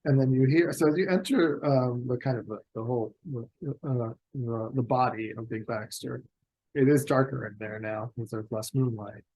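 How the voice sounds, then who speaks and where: A man's voice: mid-range voice, fairly even intonation, highs cut off. A man narrating as game master of a tabletop role-playing game, hesitant and full of ums. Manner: slow, hesitant, many ums.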